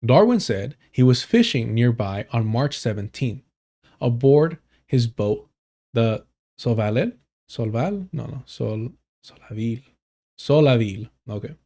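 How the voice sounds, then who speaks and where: A man reads a news story aloud on his live stream, stopping now and then for blunt, swearing asides. His voice is warm and mellow, and his pitch sits in the middle. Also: sing-song, a little slow. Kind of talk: casual live stream commentary.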